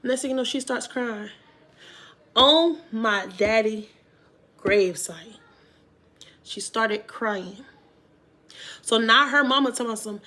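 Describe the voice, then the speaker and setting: A woman vlogger telling a storytime to her viewers in a casual, animated way, with emphatic loud bursts. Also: a little high, measured pace, long pauses.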